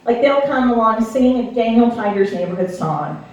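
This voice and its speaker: A woman's voice: fairly high pitch, lively intonation, normal speed, a little mellow, highs cut off. A woman in her thirties doing a stand-up comedy set, telling wry, self-deprecating stories and slipping into playful voices for quotes. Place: club stage before a live audience. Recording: echoey room recording, slightly distant.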